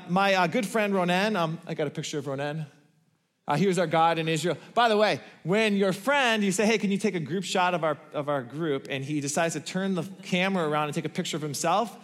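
A man's voice: sits high, fairly quick, fairly bright tone. A man giving a sermon, telling a story in a conversational way with many fillers. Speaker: pastor.

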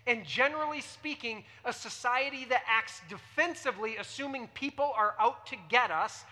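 A preacher with a bright, forceful voice teaches a sermon and keeps putting questions to the listeners. The voice carries a long reverb, as from a large hall. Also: mid-range voice, normal speed. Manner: teaching, asks the audience questions.

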